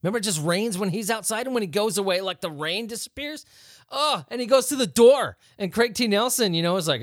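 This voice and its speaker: In a casual news-chat podcast, the host reads headlines and riffs on them, joking, rambling, and laughing frequently. He talks briskly in a high voice with lively intonation, and the clean studio sound has no room noise.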